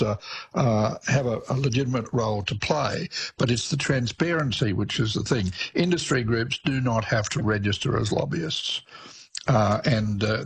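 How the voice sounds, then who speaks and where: An older man giving commentary on a radio show, halting and full of fillers and restarts. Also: mid-range voice, breathy edge. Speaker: guest commentator.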